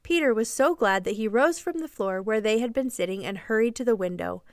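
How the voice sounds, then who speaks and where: A woman reading a classic children's novel aloud in expressive, measured storybook narration. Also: fairly high pitch, no room sound, clean studio sound.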